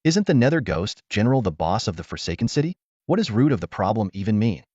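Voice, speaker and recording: A burly young squad member asks blunt, puzzled questions, as a man reading a novel puts him on. His low voice swings in pitch. The audio is dull and dry. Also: very animated, quick pace, a little mellow, breathy edge, dry recording. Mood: confused.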